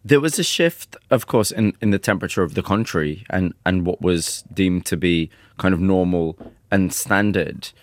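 A man interviewing a guest, setting up each question with a measured, deliberate summary. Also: low-pitched, no echo.

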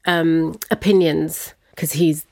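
Woman, low-leaning voice, chatty storyteller, laughs a lot, dry booth sound. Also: fairly even intonation, slow, gravelly, a little mellow, no echo. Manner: chatty, laughs often, acts out quoted voices. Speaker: interview guest. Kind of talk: personal storytelling interview.

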